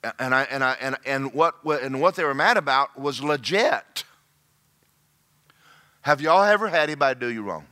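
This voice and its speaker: A male pastor, preaching a sermon in an animated way that swings from loud to hushed. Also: medium pitch, normal speed, long pauses.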